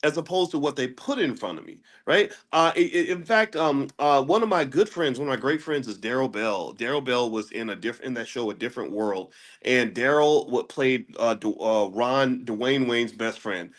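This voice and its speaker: A man of ordinary pitch holding forth in a relaxed livestream lesson. He hammers his points with rhetorical questions and stumbles over repeated words. When he gets worked up, his voice leaps sharply upward. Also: normal speed, hardly any pauses. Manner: emphatic, asks rhetorical questions; jumps to a high pitch when making a point. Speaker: host of a daily finance class. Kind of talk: casual livestream lecture.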